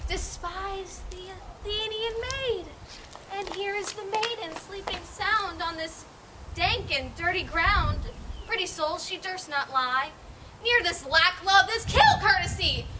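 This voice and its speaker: A woman playing the mischievous male sprite Puck, declaiming rhymed verse in outdoor Shakespeare stage acting. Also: very high-pitched. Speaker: stage actor. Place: outdoor town square. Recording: outdoor performance with loud background noise.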